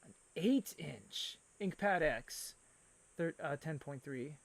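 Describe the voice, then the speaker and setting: A man hosting a live stream, chatting casually and reading out viewer comments with excitable energy. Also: on the high side, slow, vocal fry. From Canada. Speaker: livestream host.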